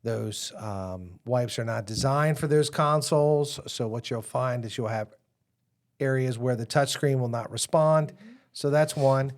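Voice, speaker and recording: A man's voice: medium pitch, a little slow. A man co-hosting a casual live show, explaining in a dry, matter-of-fact way.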